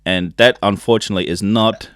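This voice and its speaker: Deep-voiced laid-back male podcast host. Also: steady tone, a little fast, a bit bright, dry recording, clean studio sound. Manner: laid-back, joking, drinking beer while talking. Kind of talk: casual podcast chat.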